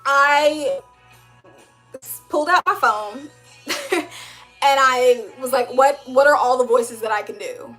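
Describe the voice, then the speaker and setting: A young woman hosting a casual livestream, reading chat comments aloud in an animated, upbeat way with frequent laughs and slang. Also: high-pitched, slow pace, long pauses, soft background music.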